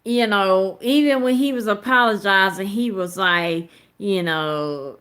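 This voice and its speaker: A woman's voice: medium pitch, unhurried, fairly bright tone. A woman in her thirties giving blunt, emphatic live commentary with plenty of profanity. She talks straight to her viewers in a casual, conversational way. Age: 30s. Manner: conversational, addresses viewers directly. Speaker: host of a live commentary show.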